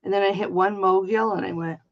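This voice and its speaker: A middle-aged woman from Michigan, hosting an online auction, rambles through a story on a casual livestream, blunt and chatty and freely swearing. She speaks briskly in a steady tone at medium pitch. Lo-fi stream audio, slightly dull.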